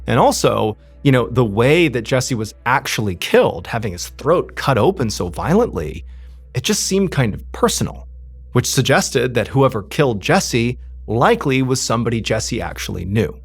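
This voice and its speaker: A man's voice: medium pitch, big pitch swings, normal speed, slightly rough, faint music behind. A man telling a true crime story in a casual, conversational way, with frequent "you know" asides.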